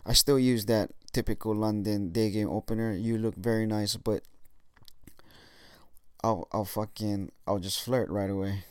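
A young man talks casually, swearing freely and filling pauses with ums and likes. His voice sits low and sounds smooth and clear. The recording is dry and close, with no room sound. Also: fairly even intonation, darkish tone, dry recording. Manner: casual, swears often, frequent fillers. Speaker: dating coach vlogger. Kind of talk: casual monologue.

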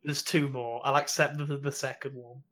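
A man's voice: mid-range voice, little pitch movement, moderate pace, fairly bright tone. A man hosting a casual football quiz, calling on players and confirming their answers. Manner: calls names, confirms answers, lists teams. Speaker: quiz host.

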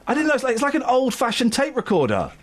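A man's voice: very high-pitched, wildly swooping pitch, fast talker. A man hosting a radio podcast, teasing his co-hosts in jokey, casual banter. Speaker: radio host.

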